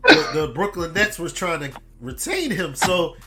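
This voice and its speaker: Loud, swearing man telling stories. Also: fairly high pitch, normal speed. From Detroit area. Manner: animated storyteller, swearing, loudly imitating callers. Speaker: podcast host. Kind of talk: casual chat.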